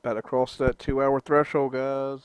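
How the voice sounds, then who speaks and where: A man's voice: medium pitch, level tone, moderate pace, clear, resonant tone, dry recording. A man vlogging in a casual ramble, profane and joking as he goes. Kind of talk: casual rambling vlog talk.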